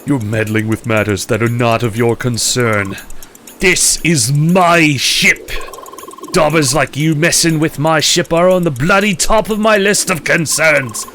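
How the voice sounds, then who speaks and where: A man voicing an angry, blustering ship captain in a mixed put-on accent, shouting at intruders on his ship. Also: a little high, unhurried, slight background noise. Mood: furious. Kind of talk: reading game dialogue in voices. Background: game music.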